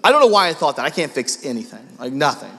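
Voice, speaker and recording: A man's voice: on the high side, sing-song, quick pace, fairly bright tone, breathy edge, long reverb tail. A man preaching a sermon as pastor, telling stories about himself in a self-deprecating way.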